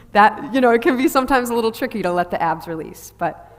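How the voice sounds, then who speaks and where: A woman's voice: a little high, animated, brisk, big-room sound. A woman voice coach teaching a workshop group about breathing, demonstrating sounds and asking the group to try them. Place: large hall with a live group.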